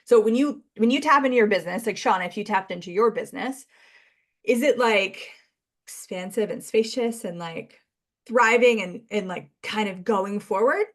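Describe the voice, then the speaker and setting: A woman's voice: mid-range voice, normal speed. A woman from Canada talking as a guest on a podcast, chatty and acting out bits of dialogue as she goes. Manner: chatty, acts out quoted dialogue, laughs often. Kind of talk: casual chat.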